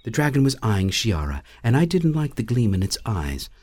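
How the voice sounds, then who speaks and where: A man narrating a fantasy audiobook in the first person, with a wry, lively storytelling manner. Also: medium pitch, moderate pace, no room sound.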